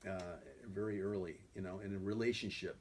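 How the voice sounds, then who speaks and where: Guest storyteller: a low-pitched man who rambles warmly, with lots of "you know," and a faint hiss underneath. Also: steady tone, fairly quick. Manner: rambling, full of 'you know' fillers. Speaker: guest musician. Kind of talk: conversational storytelling.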